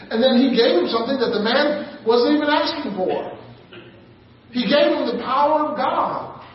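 A man preaching a sermon, leading call and response with laughter and rising shouts. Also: extremely high pitch. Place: large church hall. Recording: echoey hall from far off, dull sound.

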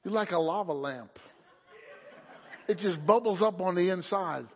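A man's voice: high voice, normal speed. A man preaching a sermon as pastor, fervent and calling out for amens, recorded in a church sanctuary. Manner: fervent preaching, calls for amen. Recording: echoey hall, dull lo-fi audio.

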